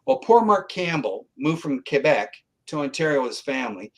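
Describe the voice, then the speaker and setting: Speaking at a moderate pace in a fairly high voice, a middle-aged Canadian guest psychic tells a story during a casual interview. He's animated and voices the people he quotes. The recording quality is low.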